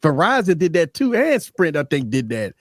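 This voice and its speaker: A man co-hosting a live tech show with a fairly high, very lively voice that jumps around as he rants. He talks bluntly and swears freely, in casual banter. The sound is close and dry. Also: normal speed, no room sound.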